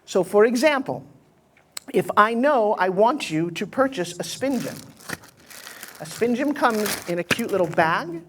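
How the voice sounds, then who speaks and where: A middle-aged American woman giving a live motivational seminar on pitching to an audience, blunt and punchy in delivery. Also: animated, unhurried, a little hiss or hum. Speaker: motivational speaker teaching pitching.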